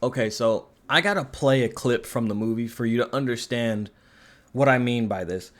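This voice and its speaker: A man's voice: medium pitch, moderate pace. A man giving a casual spoken film review, rambling and sarcastic, swearing casually. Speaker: movie reviewer.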